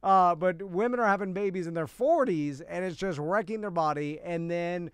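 A man co-hosting a radio show, bantering loosely and breaking into laughter as he riffs. His voice sits a little high and sounds smooth and clean. The studio sound is dry and close. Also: normal speed, dry recording. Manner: laughs often, riffs on jokes. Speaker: co-host.

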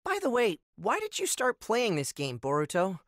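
A woman's voice: medium pitch, wildly swooping pitch, moderate pace, no echo, clean studio sound. A woman voicing a smug, artsy teenage boy ninja in a game cutscene, needling and matter-of-fact. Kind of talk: video game cutscene dub.

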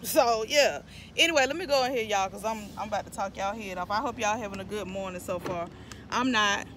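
Casting note: North Carolina mom vlogger in her thirties, mid-pitched, talkative, irritated. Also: a little fast, a bit bright, a little hiss or hum. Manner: talkative, irritated venting, addresses viewers as y'all. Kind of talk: chatty vlog talk to camera. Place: parked car, then inside a store.

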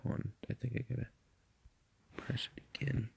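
A man's voice: mid-range voice, fairly even intonation, moderate pace, gravelly, a little mellow, breathy edge, no echo. A man rambling through a casual vlog from his bed at night, full of fillers and swearing. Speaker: vlogger.

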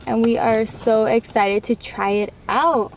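Young woman, slightly high, eager chatty vlogger. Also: steady tone, measured pace, slight background noise, poor audio. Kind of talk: casual chat.

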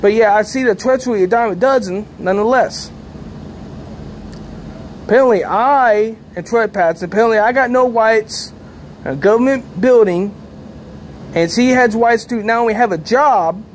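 A man's voice: high-pitched, moderate pace, pauses often, a little hiss or hum. A man rambling repetitively to camera outdoors, agitated and sleepy. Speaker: vlogger. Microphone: handheld camera.

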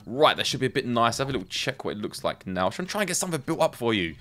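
A man's voice: medium pitch, very animated, fast, fairly bright tone. A man giving casual, chatty gameplay commentary, thinking aloud as he builds and talks to his viewers. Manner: chatty, thinking aloud, self-talk with playful asides. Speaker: game streamer.

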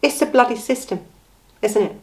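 A woman's voice: fairly high pitch, normal speed, a little mellow, rough recording. A woman giving blunt, indignant true-crime commentary, full of rhetorical questions. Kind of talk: impassioned commentary on a case.

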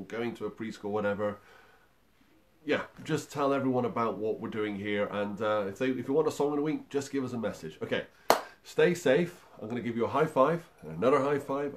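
A man's voice: mid-range voice, a little hiss or hum. A man hosting a music livestream for young children, chatting in an upbeat, encouraging way with many fillers. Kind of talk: friendly livestream talk to young children and parents.

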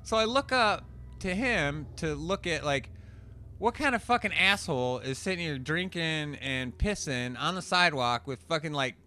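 A young man telling a profane story in animated rants while commentating a card game. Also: a little high, moderate pace. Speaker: gameplay commentator. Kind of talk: casual storytelling over gameplay.

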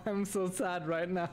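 A man commentating his own strategy game play, thinking aloud and groaning at bad turns. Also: on the high side. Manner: dismayed, groaning and sighing at setbacks; talks to himself while playing. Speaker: gaming channel host.

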